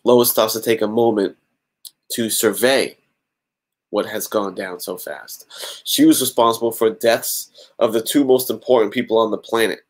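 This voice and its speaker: A man hosting a podcast, reading a fan-written story aloud and breaking off for joking comments. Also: fairly low pitch. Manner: adds joking asides to the story. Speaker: podcast host.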